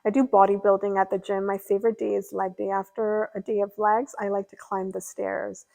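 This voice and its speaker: A young woman talking to her stream in a loose, rambling way, full of fillers and asides. She chats casually as she answers viewer comments, at an ordinary middle pitch. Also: flat delivery, fairly quick, gravelly, dark tone, rough recording. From California. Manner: chatty and rambling, lots of fillers. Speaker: livestreamer.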